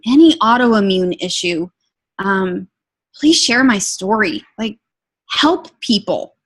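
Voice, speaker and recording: A woman giving an emotional, earnest personal testimony, talking in a lively storytelling way. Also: medium pitch. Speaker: product testimonial speaker.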